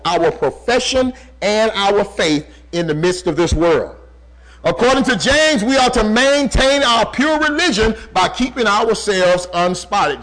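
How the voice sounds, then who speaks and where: A man preaching a sermon, swinging from loud emphasis to hushed lines and slowing down to stress repeated phrases. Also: high-pitched, low-quality recording. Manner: preaching with dramatic swings in volume and slow, drawn-out emphasis.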